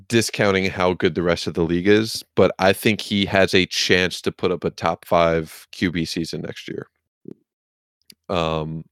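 With a case of the hiccups, this male sports podcast co-host rambles casually, cursing freely and poking fun at himself. He has a deep voice, recorded cleanly without any room sound.

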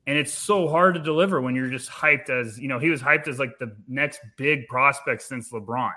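A man chatting on a basketball-prospects podcast with a bright, forceful voice. He talks in an animated way, often repeating a word as he gathers his thought. His pitch sits in an ordinary middle range. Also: moderate pace. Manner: animated, repeats words when starting thoughts. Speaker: podcast panelist. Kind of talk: casual sports podcast chat.

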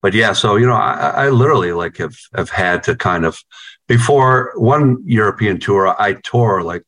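A middle-aged man from New York with a lowish voice tells rambling stories over a video call. He swears constantly, stumbles and repeats words, and keeps slipping in "you know what I mean.". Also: lively intonation, normal speed, a bit bright. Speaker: guitarist in a band, interviewee.

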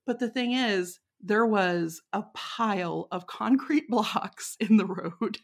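A woman's voice: medium pitch, slow. A woman from Texas with a Texan accent, a podcast guest telling stories in a casual, chatty way, laughing often and filling her talk with fillers. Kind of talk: casual storytelling.

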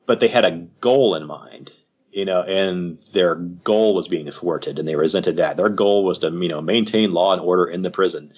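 Man, psychiatrist guest, low husky voice, rambling casual talk, muffled lo-fi audio. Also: normal speed. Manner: rambling, full of "you know" asides. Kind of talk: casual podcast conversation.

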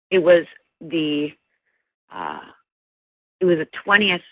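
A woman's voice: low-pitched, pushed and bright, dry recording, lo-fi sound. A middle-aged woman, a life coach, telling a personal story in an interview with earnest energy and many restarts.

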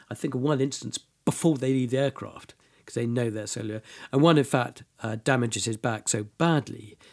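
Male presenter, mid pitch, unscripted and halting explanation. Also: a little mellow. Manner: halting, with fillers and restarts. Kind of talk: casual spoken explanation.

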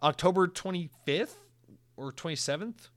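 An American man hosting a solo podcast, chatting casually in an animated, profane, rambling way with lots of restarts. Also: a little high, moderate pace. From United States. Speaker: podcast host. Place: home in Orlando, Florida.

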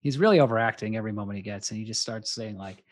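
A man casually recapping a movie on a podcast, animated and crude, jumping into quick voices for the characters. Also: fairly low pitch, no echo. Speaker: podcast co-host.

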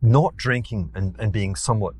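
A Scottish man with a Glaswegian accent tells his stories as an interview guest, his voice sitting low and sounding dry and close. He rambles, circles back and repeats words before landing his point. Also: normal speed, darkish tone, breathy edge, dry recording. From Scotland. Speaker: guest, investor. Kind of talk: casual interview storytelling.

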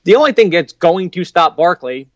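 A man appearing as a guest analyst on a casual sports podcast, talking in an animated way, chuckling often and stacking up rhetorical questions. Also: sits high, normal speed, dry recording. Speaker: fantasy football analyst guest.

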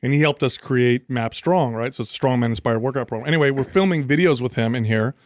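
A man who trains clients, co-hosting a casual chat and telling relaxed anecdotes with casual swearing. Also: mid-range voice, fast, dry recording, studio quality. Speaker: podcast co-host, fitness trainer.

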